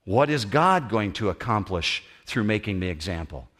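A man preaching a sermon as pastor, animated and acting out the voices he quotes. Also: on the low side, normal speed. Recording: long hall reverb.

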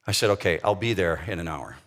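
A man's voice: low-pitched, lively intonation, fast, a bit bright. A middle-aged man preaching a sermon, telling a personal story in a conversational way and asking his listeners questions. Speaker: pastor.

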